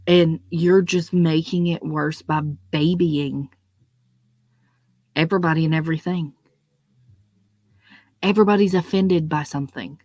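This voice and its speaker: A young adult launches into an unscripted rant, blunt and full of swearing, repeating words to drive each point home. The voice sits at a middle pitch and sounds close and dry, with no room around it. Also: fairly even intonation, measured pace, long pauses, a little mellow, dry recording. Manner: blunt, profane, emphatic, repeats words when stressing a point. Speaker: monologue speaker. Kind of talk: unscripted ranting monologue.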